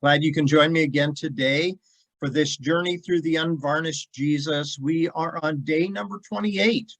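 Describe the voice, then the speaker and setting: A man's voice: fairly high pitch, normal speed, a bit bright, poor audio. A man as a pastor giving an earnest devotional sermon and reading scripture, stressing points by repeating words. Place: church devotional video.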